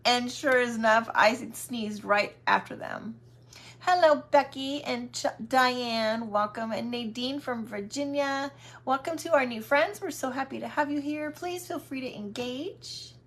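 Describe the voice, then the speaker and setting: A woman's voice: fairly high pitch, fairly bright tone, a little hiss or hum. A woman hosting a craft livestream, chatting in a casual, affectionate and welcoming way. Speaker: craft channel host.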